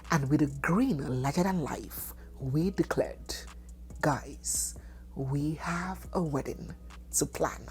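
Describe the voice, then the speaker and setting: A woman narrating a dramatic documentary story, animated and dropping into hushed, whispered asides. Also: low voice.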